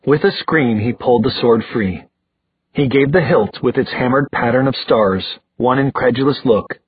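A male narrator reads a novel aloud in a very husky, breathy voice at mid pitch. His storytelling is even and unhurried. The sound is dry and close, with a dull, muffled top end. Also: dry recording. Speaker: audiobook narrator. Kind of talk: scripted narration.

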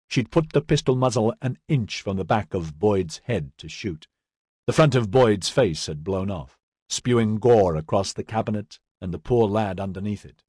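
A male audiobook narrator reads a fantasy novel in a steady, measured way. His voice is low and husky, recorded dry and close. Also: dry recording. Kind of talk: scripted narration.

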